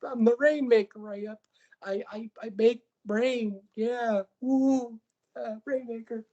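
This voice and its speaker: A man putting on a high, whiny voice for a boastful male wrestler who begs the crowd for love. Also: fairly even intonation, slow pace, warm tone, lo-fi sound. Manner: whiny, pleading, stammering.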